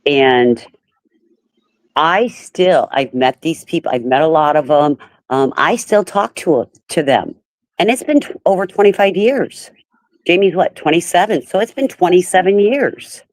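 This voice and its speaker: A woman's voice: on the low side, expressive, measured pace, a little mellow, dry recording. Chatty woman in her fifties. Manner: chatty, laughs often. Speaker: live stream host. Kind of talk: casual chat.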